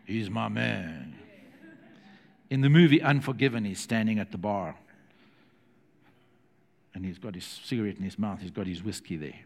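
A man preaching a sermon to a church congregation, animated and acting out the quotes he tells. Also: fairly low pitch, moderate pace, gravelly, pauses often. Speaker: pastor. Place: church hall. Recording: long hall reverb.

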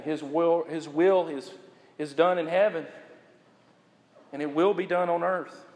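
High-voiced man preaching in a reverberant hall. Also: steady tone, darkish tone. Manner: preaches with rising emphasis and slow repeated phrases. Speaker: pastor. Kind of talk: sermon.

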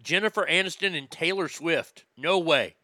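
Bright, sharp-voiced man ranting crudely. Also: fairly high pitch, moderate pace, no echo. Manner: loud, profane, mocking, laughs at own jokes. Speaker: comedy podcast host. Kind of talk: crude comedic rant.

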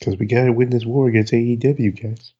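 Joking man, husky and slightly dull. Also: medium pitch, steady tone, fairly quick, dark tone. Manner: joking, swearing. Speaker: podcast co-host. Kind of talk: casual chat.

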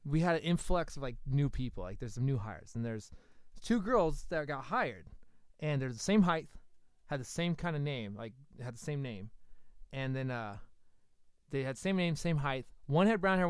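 A man's voice: mid-range voice, lively intonation, normal speed, smooth, dry recording. A man co-hosting a podcast in casual chat, telling a rambling story with restarts.

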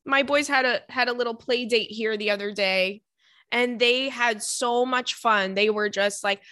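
A woman's voice: a little high, bright, forceful tone, dry recording, clean studio sound. A young adult woman hosting a podcast, chatting casually and animatedly, with casual swearing. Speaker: podcast host. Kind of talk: casual chat.

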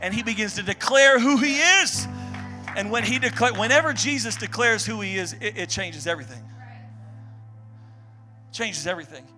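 A man preaching a passionate sermon in a church, swinging from hushed tones to shouted, repeated refrains. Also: sits high, expressive, moderate pace, long pauses, faint music behind. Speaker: pastor. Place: church sanctuary.

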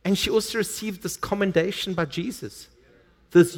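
A man's voice: high voice, fairly even intonation, normal speed. A male pastor preaching a sermon, reading scripture aloud and stressing words emphatically.

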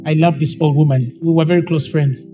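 A man preaching a sermon to a congregation, emphatic and repetitive, building up to shouts. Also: on the high side, steady tone, a little fast, over music. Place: church hall with congregation.

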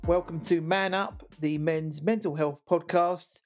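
A man's voice: a little high, fairly even intonation, a little slow, faint music behind. A man hosting a casual podcast chat, joking, laughing often and restarting his words. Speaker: podcast host.

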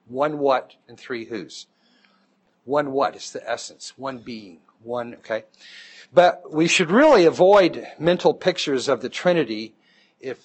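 A man teaching a Bible class, explaining step by step and checking in with the class as he goes. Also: mid-range voice. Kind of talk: classroom lecture.

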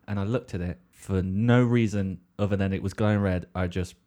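A man hosting a casual chat, teasing his guest and joking in quick banter. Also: low-pitched, steady tone, dark tone. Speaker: podcast host.

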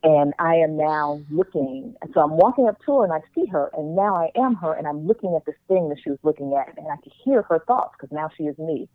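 A woman's voice: sits low, lively intonation, a little fast, few pauses, no echo. A middle-aged woman guest in a casual interview, telling a vivid personal story and acting out what others thought. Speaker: guest, spiritual practitioner. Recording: tinny phone-like line.

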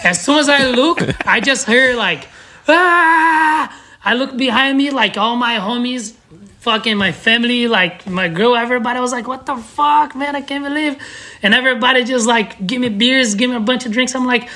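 A man's voice: very high voice, steady tone, brisk, sharp tone. Laughing man telling stories. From Brazil. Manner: laughing, loose and profane, restarts a lot. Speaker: guest. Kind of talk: casual storytelling.

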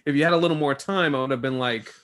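A man in a casual podcast chat, excitable and halting, often restarting his sentences. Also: medium pitch. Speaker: podcast co-host.

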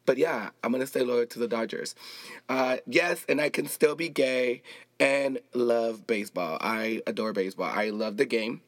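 A man's voice: medium pitch, normal speed, no room sound. A man from Los Angeles hosting a casual solo podcast, chatty and rambling with playful asides. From Los Angeles, United States. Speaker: podcast host.

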